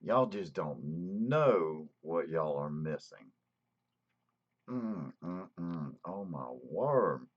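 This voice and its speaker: Slow, lively Southern man on dull audio. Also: deep voice. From Alabama. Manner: greets viewers by name, drawn-out emphasis. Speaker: channel host. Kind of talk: casual livestream talk.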